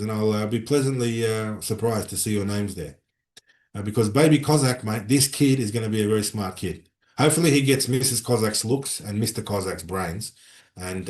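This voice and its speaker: A middle-aged man with an Australian accent hosting a casual livestream from a room in a consulate, chatting and reading out viewer comments in an animated, rambling way. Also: lowish voice. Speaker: livestream host. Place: room inside a consulate building. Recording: roomy echo.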